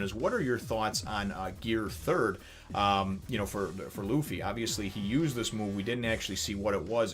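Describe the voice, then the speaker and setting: A man casually reviewing a comic chapter, animated and rambling, often laughing as he retells it. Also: lowish voice. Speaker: manga review channel host.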